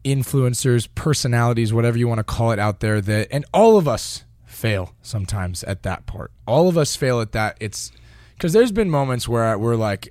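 Male co-host, mid-pitched, earnest and rambling, dry studio sound. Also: animated, moderate pace, darkish tone, no room sound. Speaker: podcast co-host. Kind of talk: casual podcast chat.

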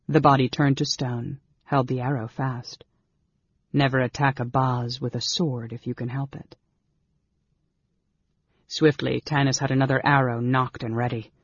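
A man narrating a fantasy audiobook in a measured, dramatic storytelling manner. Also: mid-range voice, breathy edge, no room sound, highs cut off. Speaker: audiobook reader.

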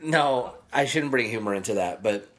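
A man's voice: lowish voice, expressive, moderate pace. A man co-hosting a casual podcast chat, earnest and rambling, with self-correcting asides. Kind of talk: casual conversation.

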